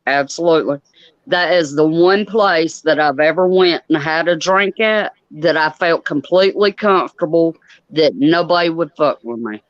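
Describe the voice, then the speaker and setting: A woman from Georgia, hosting a casual group chat and telling drawn-out stories. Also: low-pitched, no echo, highs cut off. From Georgia, USA. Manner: chatty, drawn-out storytelling. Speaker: channel host.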